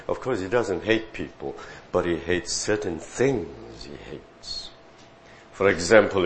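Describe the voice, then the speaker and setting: Deep-voiced man preaching a slow sermon. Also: a little hiss or hum. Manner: animated, rising to loud emphatic peaks, asks the listeners "right?".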